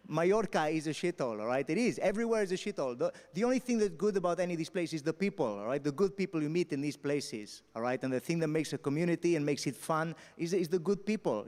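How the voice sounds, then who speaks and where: A man from Spain doing stand-up storytelling on a festival stage, punchy and animated, with frequent "all right?" asides. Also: a little high, fast talker. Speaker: stand-up comedian. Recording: long hall reverb.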